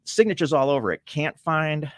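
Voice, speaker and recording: A man telling a story as a guest in a casual interview, animated and laughing often, acting out the voices of people he quotes. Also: a little high, normal speed, no echo, clean studio sound. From Michigan, USA. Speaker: film producer-director, guest.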